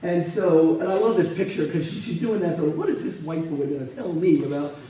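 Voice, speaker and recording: A man's voice: fairly high pitch, fairly quick, warm tone. A man giving an anecdotal talk with slides at a museum event, acting out the people in his stories. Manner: storytelling, acts out quoted people. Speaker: guest speaker and military historian. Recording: echoey room from a distant mic.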